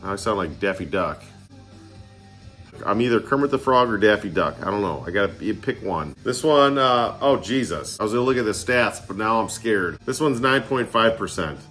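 A man's voice: lowish voice, expressive, moderate pace, a bit bright, faint music behind. A man casually reviewing beers in his living room, joking around and a bit tipsy with a slight slur. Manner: chatty, joking, getting tipsy and slurring. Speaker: beer vlogger. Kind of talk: casual beer tasting vlog.

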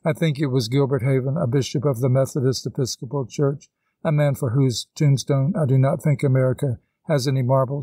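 A man's voice: medium pitch, dark tone, no echo, close to an everyday voice. A man reading a patient, moralizing woman teacher. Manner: patient, instructive. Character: kindly older woman teacher, gentle and moralizing. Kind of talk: audiobook dialogue reading.

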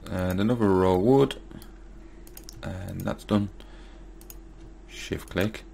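Male gamer, casual commentary, deep fry-heavy voice, talks to himself while playing. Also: slow, long pauses, mellow, a little hiss or hum. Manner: muttering to himself, mildly exasperated. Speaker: gaming YouTuber. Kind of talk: casual Let's Play commentary.

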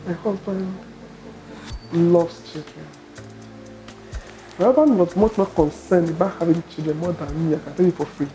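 A middle-aged Nigerian woman telling her story as an interview guest, expressive and quick to laugh. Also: on the low side, over music. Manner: expressive, laughs often, acts out quoted dialogue. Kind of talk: animated personal storytelling.

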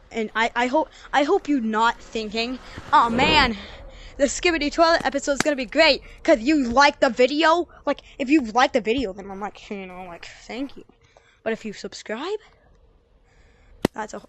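A young female gamer giving rambling, excitable commentary over her gameplay and yelling when she fails. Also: on the high side, brisk, a little hiss or hum. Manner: excitable, yells at failures, rambling. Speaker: gaming channel creator.

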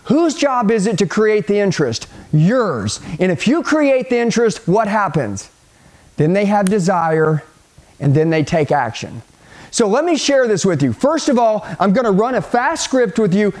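A middle-aged man delivers an energetic sales training talk, punchy and hyped, addressing the listener directly and acting out phone calls. His voice is high and his speed normal.

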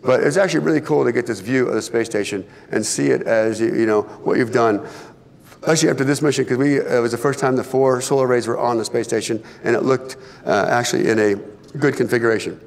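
A middle-aged man giving a public presentation as an astronaut guest speaker, telling stories in a relaxed, conversational way with light humor. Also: mid-range voice, fast talker, vocal fry. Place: large event hall. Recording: long hall reverb.

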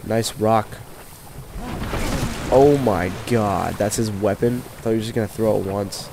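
A man's voice: fairly low pitch, unhurried, vocal fry, background noise. A man commentating a video game while sick, keeping his voice down and trash-talking the enemies in exasperation. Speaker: let's play commentator. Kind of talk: gameplay commentary.

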